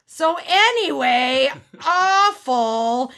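A woman who works as a hairstylist, telling a story on a podcast in a blunt, animated way and swearing freely. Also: high-pitched, drawn-out words, creaky.

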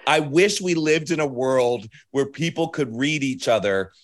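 A man's voice: medium pitch, unhurried. A man from Maryland hosting a podcast, telling stories in casual chat and laughing often. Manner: animated storyteller, laughs often. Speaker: podcast host.

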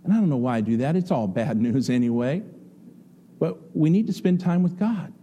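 A middle-aged pastor preaching a conversational, folksy sermon full of stories and rhetorical questions. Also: male voice, a little high, lively intonation, normal speed, warm tone.

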